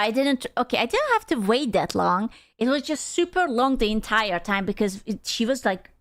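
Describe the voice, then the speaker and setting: Young female streamer, high-pitched, animated storyteller who laughs and cusses. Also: no echo, clean studio sound. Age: young adult. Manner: animated, laughs often, swears freely. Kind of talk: casual storytelling to chat.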